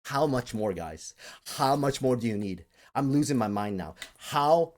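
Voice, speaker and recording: Exasperated male video ranter; sarcastic, animated delivery. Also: mid-range voice, moderate pace. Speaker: crypto commentator. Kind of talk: ranting video monologue.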